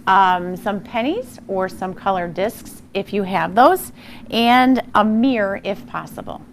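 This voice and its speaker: A woman teaching a phonics lesson to young children, slow and encouraging, sounding out words with exaggerated care. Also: medium pitch, a little hiss or hum. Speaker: primary school teacher.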